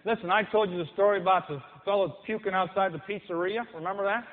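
A man preaches a sermon with passion, talking fast in a voice that sits high and mimicking the people he quotes in their own voices. The sound is tinny and phone-like, with an echoey hall around it.

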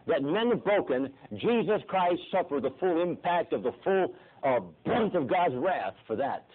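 A middle-aged man preaching a sermon dramatically, swinging from soft, hushed passages to pleading cries and repeating his phrases. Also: a little high, lively intonation, normal speed, hardly any pauses, slightly rough. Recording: tinny phone-like lo-fi recording.

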